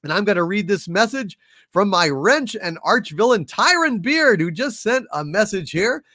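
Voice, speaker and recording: On a dry, studio-quality recording, a man with a high voice hosts a casual livestream at a moderate pace, animatedly cracking jokes and reading viewer messages aloud.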